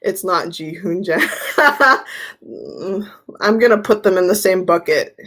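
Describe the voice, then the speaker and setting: A woman hosts a tarot livestream, chatting casually and telling rambling stories that often repeat themselves. Her voice is fairly low, expressive and fairly bright, and she speaks a little slowly.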